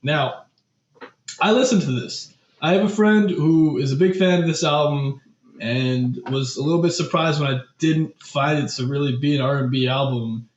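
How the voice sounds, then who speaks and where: Animated young man in an echoey room. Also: fairly high pitch, normal speed. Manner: animated, exasperated, trailing fillers. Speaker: podcast co-host. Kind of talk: casual music news chat. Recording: echoey room, dull lo-fi mic.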